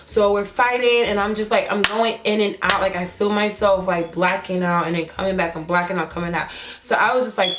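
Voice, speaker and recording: A young woman recounts a wild personal story straight to camera. She curses freely and keeps slipping into the voices of the people she quotes. Her pitch sits in the middle for a woman. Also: normal speed. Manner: profane, animated retelling with acted quotes. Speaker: vlogger. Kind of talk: storytime vlog.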